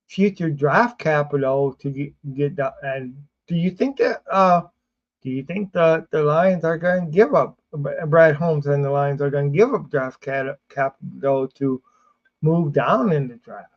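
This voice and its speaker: Sleepy guy rambling about football on his stream, slow and kinda high, muffled lo-fi audio. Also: animated. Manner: rambling, many fillers and restarts. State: sleepy, yawning. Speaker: sports show host. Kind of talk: casual livestream sports talk.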